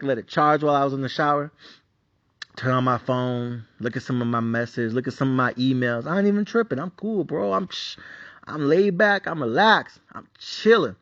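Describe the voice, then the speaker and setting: A man hosting a sports betting podcast, ranting in a swearing, repetitive and animated way. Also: mid-range voice, no room sound. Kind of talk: profane ranting monologue. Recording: dry, dull lo-fi sound.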